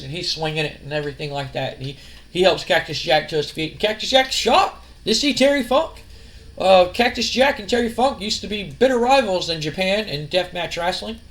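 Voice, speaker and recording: A man's voice: sits high, fairly bright tone. A man giving casual, rambling let's-play commentary as a gaming channel host. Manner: rambling, full of fillers and restarts.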